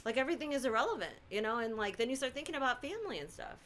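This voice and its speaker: A bright, forceful voice of a middle-aged woman, co-hosting a casual live stream. She tells a personal story with lots of energy and acts out other people's lines as she goes. Her voice sits a little high for a woman. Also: rapid-fire, slight background noise. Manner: animated storytelling, acts out quotes. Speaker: co-host.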